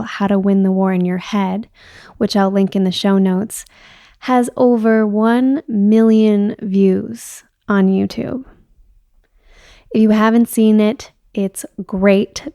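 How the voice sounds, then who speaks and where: A woman's voice: medium pitch, creaky, mellow, dry recording. Upbeat woman podcast host, dry sound. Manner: upbeat, enthusiastic, laughs easily. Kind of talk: scripted intro and casual interview. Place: New York.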